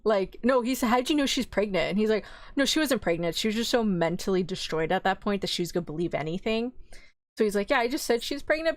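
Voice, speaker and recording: A young woman streaming a casual anime recap, acting out the characters' lines in an animated, swearing storyteller's way. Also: mid-range voice, dry recording. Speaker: VTuber streamer.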